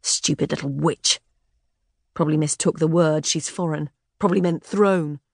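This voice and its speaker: A woman's voice: low voice, steady tone, moderate pace, creaky, darkish tone, husky, no echo, studio quality, exaggerated voice. A woman voicing a falsely cheerful, uneasy Tudor nobleman in an audiobook. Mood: bluff. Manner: bluff, hasty.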